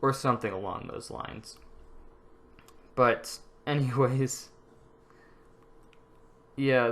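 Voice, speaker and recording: With a mid-range, slightly bright voice, a young man tells personal stories for his vlog. He meanders, restarts, uses plenty of fillers and keeps chuckling at himself.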